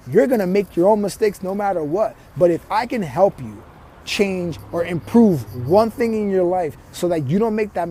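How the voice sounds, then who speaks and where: A man's voice: fairly high pitch, mellow, slight background noise. A man working as a life coach, giving a motivational vlog monologue straight to his viewers, earnest and often restarting or repeating words.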